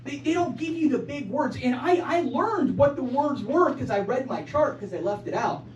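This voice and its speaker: A man's voice: very high-pitched, animated, moderate pace, a little hiss or hum. A man performing a stand-up comedy set in a small club, stammering and repeating words in a self-mocking way, with the audience laughing behind him. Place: small improv club stage. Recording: roomy live club sound from far off.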